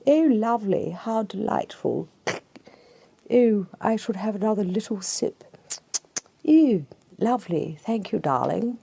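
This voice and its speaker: A woman's voice: mid-range voice, lively intonation, unhurried, vocal fry, long pauses, warm tone, husky, pitched above the performer's own voice, exaggerated voice. A woman preacher mimicking a prim English lady dainty with her drink. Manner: prim, affected, dainty politeness.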